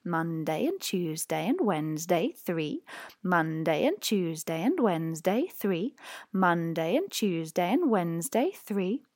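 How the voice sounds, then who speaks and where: A woman's voice: lowish voice, big pitch swings, measured pace, darkish tone, no echo, clean studio sound. A woman voicing a coven of witches, chanting in a repetitive singsong.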